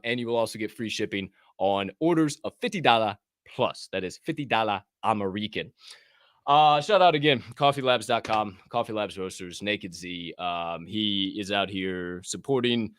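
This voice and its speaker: A man hosting a casual livestream podcast, chatting and reading an ad in a rambling, profane way from a warm room at home. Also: on the low side, no room sound, clean studio sound. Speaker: podcast host.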